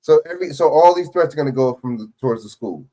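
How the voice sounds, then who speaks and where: A man's voice: mid-range voice, expressive, fast talker, mellow. A man hosting a live stream, reacting to a news clip in rambling, profane casual chat full of questions.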